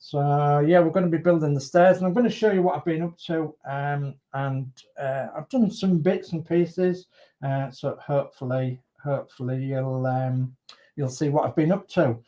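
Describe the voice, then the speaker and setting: A man's voice: on the high side, fairly even intonation, moderate pace, mellow. A man hosting a casual model-building livestream, chatty and friendly, greeting viewers by name and rambling with many restarts. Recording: dull lo-fi stream audio.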